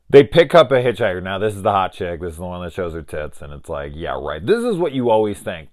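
Brief: middle-aged male film reviewer, lowish voice, rambling and profane, sarcastic asides. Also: sing-song, fairly quick, a little mellow. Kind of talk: casual film review rant.

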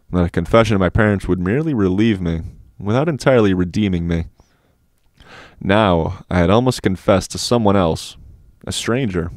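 A man narrating an audiobook in a steady, even reading voice. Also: sits low, dry recording, studio quality. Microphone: dynamic studio mic.

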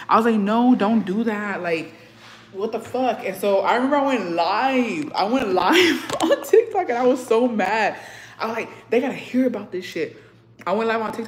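A woman's voice: medium pitch, echoey room, a little hiss or hum. A young woman hosting a casual livestream, telling stories animatedly, swearing often and slipping into Spanish phrases. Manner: swears freely, slips into Spanish; animated storyteller. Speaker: livestream host.

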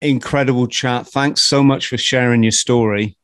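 A man hosting a podcast interview, talking casually in halting bursts with many restarts. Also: medium pitch, fairly even intonation, fairly bright tone, dry recording. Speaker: podcast host.

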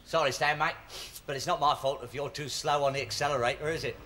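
An actor plays a cheeky bus conductor, stammering and flustered. His voice is a touch high, half drowned in loud hiss from an old 1960s TV recording. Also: steady tone, fast, natural voice.

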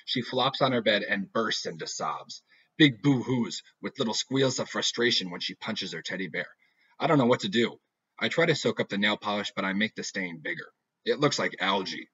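Low, husky man narrating deadpan. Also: normal speed. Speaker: audiobook reader. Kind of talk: first-person novel narration. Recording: dull lo-fi recording.

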